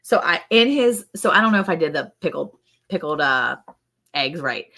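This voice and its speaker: A woman's voice: sits low, normal speed. A woman, co-hosting a ranch livestream in casual, chatty conversation. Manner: chatty, animated storytelling. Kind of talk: casual chat.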